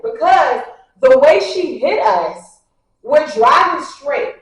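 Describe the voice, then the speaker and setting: A high-voiced woman vlogger addresses her viewers directly at a measured pace, animatedly acting out what other people said. She sits a bit far from the mic in a very echoey room.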